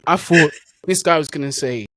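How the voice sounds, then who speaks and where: A man's voice: fairly high pitch, normal speed, a bit bright, a little hiss or hum, poor audio. A man, a football content creator, telling stories in a casual, slang-heavy way as a guest in an interview. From England. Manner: easygoing, slang-heavy storyteller.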